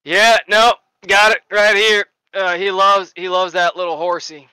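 A man voicing a drugged, excitable male sergeant who rambles loudly in a high voice. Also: a little slow, smooth, dry recording, low-quality recording. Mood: rambling.

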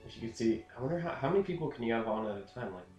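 A man's voice: medium pitch, expressive, racing, darkish tone. A young man co-hosting a casual game playthrough, laid-back and jokey. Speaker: let's play co-host. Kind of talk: casual gaming commentary. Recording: roomy echo with game music.

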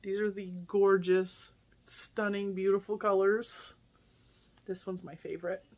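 Unhurried and level, her medium-pitched voice has a slightly mellow quality. The woman, a crochet YouTuber in her forties from the US, unboxes yarn gifts for viewers while chatting casually and emotionally, with frequent laughter.

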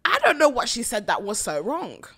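A woman's voice: on the high side, very animated, normal speed, vocal fry, a bit bright, slightly rough. A young woman hosting a casual chat, playful and teasing, talking through a cold. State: has a cold.

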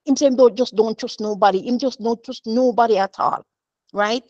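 A woman's voice: a little high, brisk, mellow, no echo. Woman, earnest devotional testimony, stammering restarts, dull dry lo-fi recording. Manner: earnest, repetitive, emotional, with many restarts. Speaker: mother sharing a testimony.

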